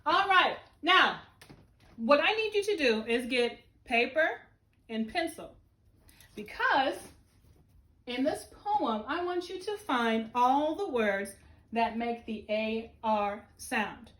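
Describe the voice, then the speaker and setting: Woman teacher, slow and bright-pitched, sing-song encouraging delivery, roomy echo on the recording. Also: lively intonation. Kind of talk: remote phonics lesson for young children.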